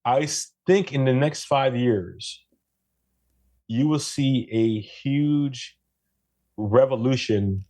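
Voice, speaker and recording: Podcast guest, man from Jamaica, mid pitch, lively and talkative, casual. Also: slow, pauses often. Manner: animated, tags statements with "right?".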